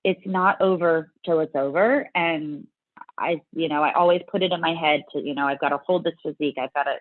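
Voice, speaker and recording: A woman guest telling her story in a casual interview, animated and full of restarts. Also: sits low, brisk, narrow, tinny audio. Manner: animated, many restarts and fillers. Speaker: guest, bodybuilding competitor.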